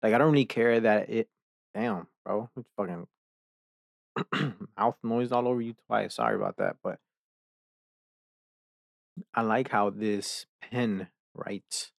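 A young man rants on his podcast, swearing freely and getting fed up. His voice sits a little low and his talk is unhurried. The sound is dry and close, with little room to it. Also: gravelly, no room sound. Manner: profane, ranting, easily exasperated. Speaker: podcast host. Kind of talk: casual chat.

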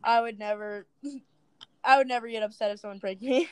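A woman's voice: a little high, normal speed, darkish tone, clear, resonant tone, no room sound, poor audio. A young woman being interviewed, telling stories in a chatty way, often laughing and acting out what people said. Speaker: interviewee, video creator. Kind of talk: casual interview storytelling.

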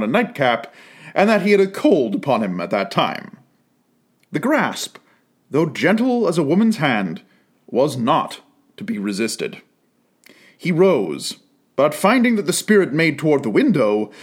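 A man reading a classic story aloud, with an expressive, unhurried delivery. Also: mid-range voice. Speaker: narrator.

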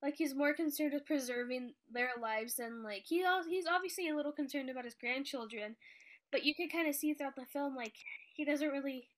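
A woman's voice: high-pitched, brisk, a bit bright. A woman chatting casually about a movie, recapping scenes with lots of filler words.

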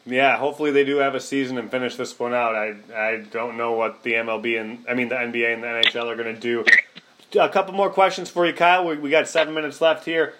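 A man hosting a casual sports podcast, relaxed and enthusiastic, asking his co-host questions and peppering talk with fillers. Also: medium pitch, quick pace, background noise. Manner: relaxed, enthusiastic, lots of you-knows, asks questions.

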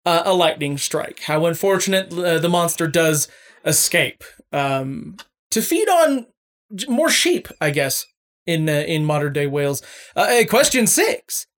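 Woman hosting a podcast quiz, bouncy pitch, lots of uhs. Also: unhurried. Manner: quizzing guests, frequent fillers, lively pitch. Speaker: podcast host running a quiz. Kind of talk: casual podcast chat.

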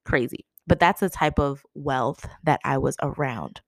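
A woman's voice: extremely low pitch, unhurried, dry recording. A young woman from Massachusetts telling a personal story casually, laughing often and quoting herself in a livelier voice. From Massachusetts, USA.

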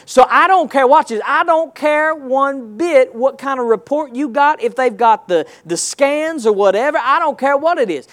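Man, pastor, very high voice, sermon, call-and-response, builds to loud bursts. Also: animated, normal speed, hardly any pauses. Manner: preaching with call-and-response, rising to loud exclamations.

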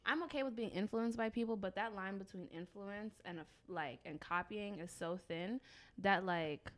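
A podcast host, a woman with a New York accent, chats in a studio. She is blunt and outspoken and swears freely. Her voice sits at an ordinary pitch. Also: normal speed. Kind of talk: casual chat.

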